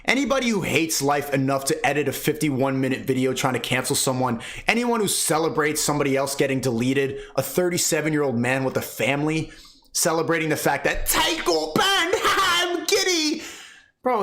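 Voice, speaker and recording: A young man in his twenties, a streamer reacting to a video, trash-talking and mocking his rivals in a heated rant. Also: a bit bright. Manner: mocking, trash-talking, mimics others in shrill voices.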